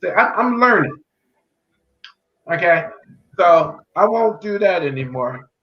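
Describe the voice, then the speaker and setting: An earnest man shares his personal testimony as a podcast guest, leaning on faith and repeating phrases for emphasis. His voice sits at an everyday pitch. The audio is roomy and muffled, with a faint hiss behind it. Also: big pitch swings, slow pace. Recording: echoey, dull, slightly noisy remote audio.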